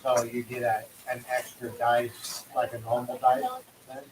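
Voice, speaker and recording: A man playing a tabletop game, asking how a rule works in a flat way. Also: medium pitch, unhurried, distant mic, slight background noise, rough recording. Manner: flat, asks questions about rules. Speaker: player.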